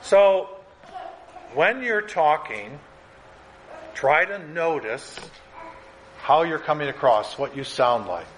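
A man teaching a class in an earnest, conversational way, sometimes quickening as he acts out examples. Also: fairly high pitch, lively intonation, a bit bright, slight background noise, poor audio. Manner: earnest, conversational, speeds up when acting out examples.

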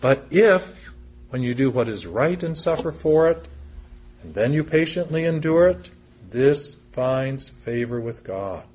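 A man's voice: mid-range voice, expressive, measured pace, a little mellow, breathy edge. A man preaching a sermon, reading scripture aloud and explaining it in an earnest, conversational way. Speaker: pastor.

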